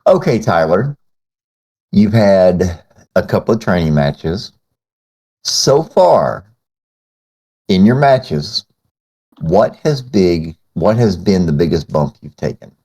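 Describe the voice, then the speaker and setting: A man's voice: low-pitched, sing-song, slow, pauses often, mellow. A man co-hosting a podcast interview, rambling and emphatic, full of fillers. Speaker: podcast co-host.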